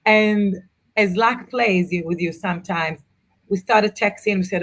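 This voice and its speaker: A middle-aged woman, an author and mother of four, chatting in an interview and telling travel stories with animated asides. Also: mid-range voice. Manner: animated storyteller, quick asides. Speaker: author and guest. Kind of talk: casual interview chat.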